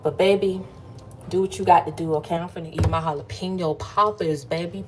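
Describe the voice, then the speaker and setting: A woman's voice: on the low side, fairly even intonation, brisk, soft background music. A woman hosting a casual late-night livestream pep talk. She sounds playful and chatty and keeps calling her listeners "baby" and "y'all". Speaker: motivational livestream host.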